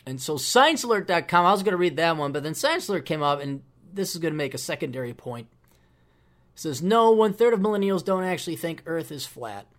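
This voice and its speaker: A man hosting his own podcast, giving shout-outs and opinionated commentary in a rambling, casual way. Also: on the high side, expressive, a little fast. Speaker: podcast host.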